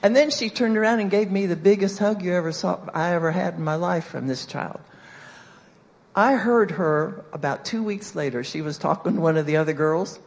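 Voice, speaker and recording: A woman's voice: fairly low pitch, normal speed. A woman speaking in church, telling a story in a sermon and acting out the quotes playfully.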